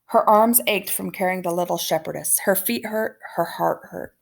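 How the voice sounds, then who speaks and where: A woman reading a children's novel aloud in a gentle, measured storytelling manner. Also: lowish voice, creaky.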